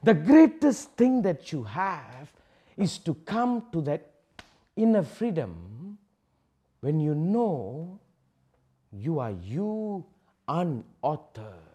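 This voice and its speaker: A man giving a public spiritual talk, asking rhetorical questions and swinging from loud declarations to hushed asides. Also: fairly high pitch, big pitch swings, extremely slow, long pauses, slightly rough. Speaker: spiritual teacher.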